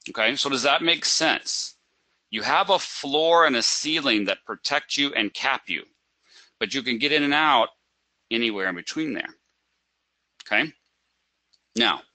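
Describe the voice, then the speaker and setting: A man's voice: mid-range voice, pushed and bright, no echo, rough recording. A man teaching a live trading webinar, asking rhetorical questions and acting out a panicked trader. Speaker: trading instructor.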